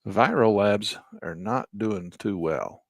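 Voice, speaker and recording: A trading instructor talks slowly in a fairly low, creaky voice while casually leading a live trading lesson. He thinks out loud as he clicks through charts and chats with viewers. The recording is studio quality, with no room sound.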